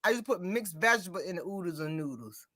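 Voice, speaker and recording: A woman's voice: lowish voice, fast talker. A woman chatting casually as a host, telling stories and acting out quoted exchanges. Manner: chatty, storytelling, animated retelling with quoted dialogue. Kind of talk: casual chat.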